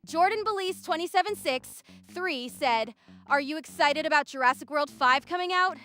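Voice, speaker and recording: A woman's voice: very high voice, normal speed, pushed and bright, soft background music. A woman's voice, an AI co-host, reading chat messages in a peppy, slightly scripted stream chatter style.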